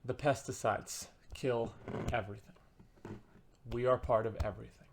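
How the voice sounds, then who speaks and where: A man's voice: mid-range voice, steady tone, normal speed, noisy background. A man giving a casual, sarcastic and rambling book review as a vlogger, with comic asides.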